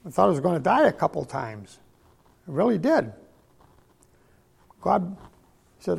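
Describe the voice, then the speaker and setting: An older man preaches a sermon in a failing, hoarse, gravelly and husky voice, clearing his throat often. He lurches from loud, emphatic outbursts to low murmurs, with big pitch swings, a slightly slow pace, and frequent pauses.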